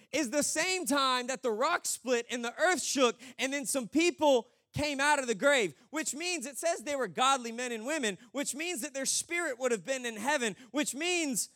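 Animated high-voiced preacher. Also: male voice, no echo, studio quality. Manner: animated storytelling, acts out voices. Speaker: pastor. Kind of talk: sermon.

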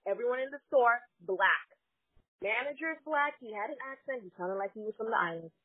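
Woman, animated storyteller, slightly high voice, husky edge, dry tinny phone-like sound. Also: fairly quick, no echo. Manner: animated, dramatic storyteller, frequent "like" and "yada yada". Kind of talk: casual storytelling chat.

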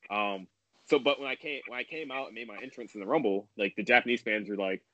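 A man's voice: fairly low pitch, pushed and bright, no room sound, muffled recording. A man telling a story as a wrestler guest on a podcast, casual and rambling, with lots of "like" fillers. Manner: fast, filler-heavy and rambling with many "like"s.

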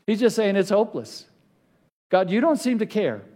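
High-voiced male pastor preaching. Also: very animated, a little mellow. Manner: reads scripture aloud with rising intensity, slows for emphasis. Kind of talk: sermon.

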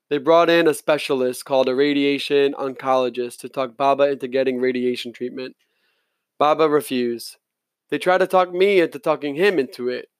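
A man reading an audiobook in steady, first-person narration. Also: medium pitch, smooth, dry recording.

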